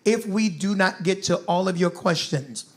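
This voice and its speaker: A man in his fifties moderating a community forum in a lively town-hall manner, with a preacher's call-and-response style. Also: high voice, normal speed. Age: 50s. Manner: preacherly, calls for crowd responses.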